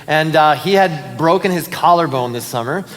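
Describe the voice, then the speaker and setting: In a church auditorium with the sound of a large hall, a pastor with a slightly high voice talks at a normal speed. He gives casual announcements and tells stories during the service, animated, laughing and using fillers.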